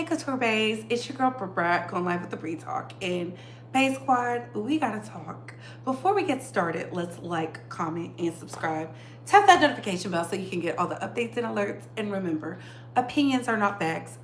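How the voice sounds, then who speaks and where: A woman's voice: medium pitch, slight background noise. A woman hosting a casual live-stream gossip chat, chatty and laughing often as she greets viewers by name. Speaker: livestream host. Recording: echoey room.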